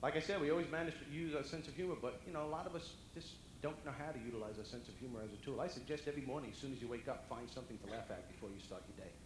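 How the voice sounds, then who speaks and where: Man, comedian, animated stand-up storytelling, fast, echoey hall, audience noise. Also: mid-range voice. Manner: animated, jumps into loud character voices. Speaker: comedian and motivational speaker. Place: banquet hall before a dinner audience.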